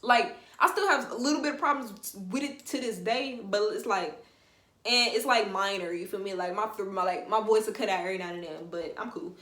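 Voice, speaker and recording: A young woman telling a story on her vlog in a slangy, animated, emphatic way. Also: mid-range voice, fairly quick. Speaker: vlogger. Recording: roomy echo.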